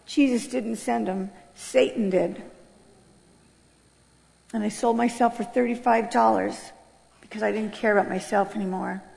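A middle-aged woman from the United States gives a personal testimony of her life story, earnest and swelling with emotion. Her medium-pitched voice is gravelly and a little mellow, fairly even in intonation, unhurried, with frequent pauses, and long hall reverb surrounds it.

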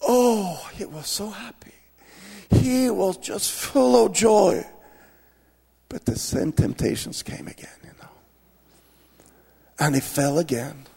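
A man gives an earnest church testimony, his voice pitched high for a man and edged with gravelly fry. He speaks slowly and keeps stopping to restart his sentences. Everything rings in a long hall reverb. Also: very animated, warm tone. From Norway. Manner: earnest storytelling with many restarts. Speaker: missionary preacher.

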